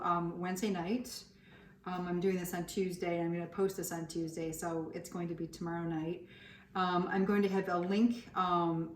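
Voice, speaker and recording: A woman's voice: fairly low pitch, far from the mic, a little hiss or hum. A woman gives a recorded remote art lesson, explaining each step patiently with many ums and uhs. Her voice sits back from the microphone in a room with a noticeable echo. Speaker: art teacher. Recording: roomy echo, voice set back from the mic.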